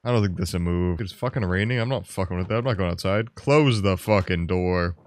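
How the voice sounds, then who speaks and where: A young man doing game commentary, swearing all the time and swinging from low mutters to sudden loud yells. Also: brisk. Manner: profane, jumps from mumbling to yelling. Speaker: gaming YouTuber.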